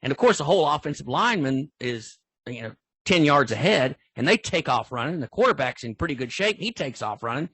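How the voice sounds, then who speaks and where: Folksy older man, husky. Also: mid-range voice, big pitch swings, fast, a bit bright, no echo. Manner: folksy, rambling, frequent restarts. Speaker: football official, guest speaker. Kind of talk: storytelling in an online training talk.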